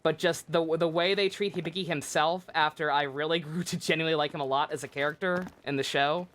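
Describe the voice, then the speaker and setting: Woman, livestreamer, casual game commentary, rambling, restarts, swearing, slightly low voice. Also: steady tone, quick pace, fairly bright tone.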